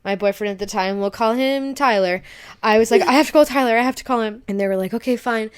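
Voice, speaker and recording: A woman's voice: medium pitch, brisk, clear, resonant tone. A young woman co-hosting a podcast, casually telling a long personal story and acting out her own panicked reactions. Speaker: podcast co-host.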